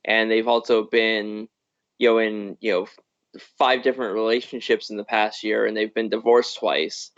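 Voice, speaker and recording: A man's voice: fairly low pitch, level tone, normal speed, fairly bright tone. Rambling man on a muffled podcast. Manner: rambling, restarts, frequent laughs. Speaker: podcast co-host. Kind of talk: casual film review chat. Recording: muffled lo-fi live stream audio.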